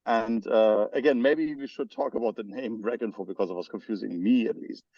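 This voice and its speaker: A man's voice: fairly low pitch, a little fast, dry recording. German man on a dull, dry video call. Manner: hesitant, many fillers and restarts. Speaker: spec editor. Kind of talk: technical meeting discussion.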